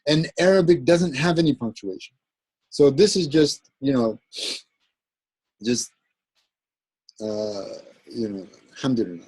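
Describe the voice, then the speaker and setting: A man with a husky, slightly breathy voice gives a classroom lecture on Arabic grammar. He explains step by step and keeps checking in with his students. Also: mid-range voice, lively intonation, unhurried, pauses often, darkish tone, dry recording, poor audio. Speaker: Arabic teacher.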